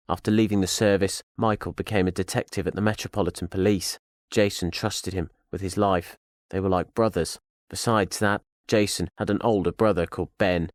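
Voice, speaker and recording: Deep-voiced man narrating a thriller. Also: no room sound, clean studio sound. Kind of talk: scripted audiobook narration.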